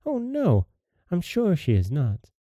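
A man's voice: on the high side, huge pitch swings, takes it slowly, dark tone, no echo, voice pushed up, full character voice. A man voicing a proud young princess who pleads in a raised, breathless voice. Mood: indignant.

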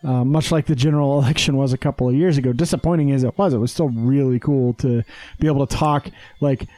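A man's voice: medium pitch, fairly even intonation, fast, dark tone, no echo. A man hosting a casual podcast, rambling and swearing freely, with lots of fillers. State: hyped on energy drinks. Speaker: podcast host. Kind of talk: casual chat.

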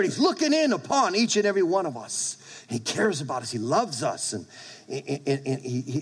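A man's voice: a little high, breathy edge. A male pastor preaching a sermon to his congregation, emphatic, repeating phrases and restarting with stammers. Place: church service with congregation.

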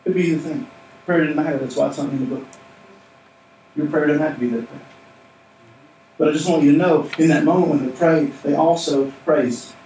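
A man's voice: fairly high pitch, steady tone, a little fast, pauses often, mellow, a little hiss or hum. A man pastor preaching a sermon in a church, emphatic and repetitive. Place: church sanctuary. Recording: echoey hall, mic at a distance.

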